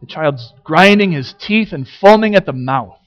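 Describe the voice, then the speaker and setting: A man delivers a sermon at a deliberate, unhurried pace. His voice sits slightly higher than most men's, and he leans on rhetorical questions and dramatic pauses. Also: lively intonation. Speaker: pastor.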